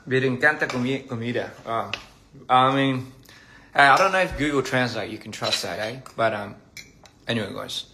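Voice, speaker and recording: A man's voice: mid-range voice, normal speed, noisy background. A young man on a casual phone livestream, playfully stumbling over foreign phrases while he eats. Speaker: livestream host. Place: indoors at a meal.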